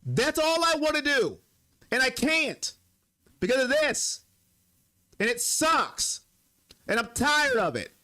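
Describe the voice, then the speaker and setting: A man's voice: extremely high pitch, very animated, slow, pauses often, pushed and bright. A young man hosting a sports live stream, chatting casually and emotionally with his viewers. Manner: emotional, talks straight to his chat.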